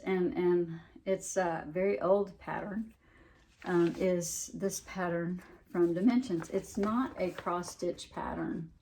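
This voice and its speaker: A woman with a Southern US accent shows off her needlework in a relaxed, rambling chat. She talks at an unhurried pace with a slightly low voice, and she often restarts her sentences and fills gaps with "um". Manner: chatty, rambling, many restarts and ums. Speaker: cross-stitch vlogger. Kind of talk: casual show-and-tell chat.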